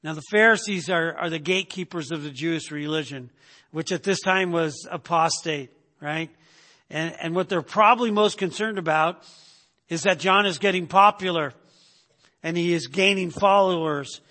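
A man's voice: a little high, normal speed, pushed and bright, in a large hall. A man teaching a sermon in a conversational way, often stopping to ask "right?" and repeating words as he goes. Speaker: preacher.

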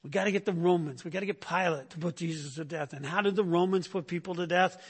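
A man's voice: high voice, fast, husky. A man preaching a sermon in a conversational way, often asking "right?" and acting out the people he quotes. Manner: acts out quoted speakers in raised voice. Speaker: pastor.

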